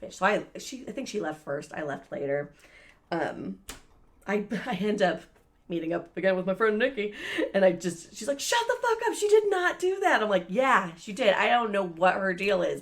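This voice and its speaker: A woman's voice: mid-range voice, moderate pace, gravelly. A woman co-hosting a podcast, telling a long story in casual chat, swearing a lot and acting out the voices of the people in it. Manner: profane, animated, acts out quoted voices. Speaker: podcast co-host.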